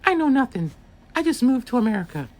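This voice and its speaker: A woman's voice: on the high side, big pitch swings, fast, a little mellow, pitched above the performer's own voice. A man voicing a timid young schoolgirl who has just moved to the country and answers in small, unsure replies.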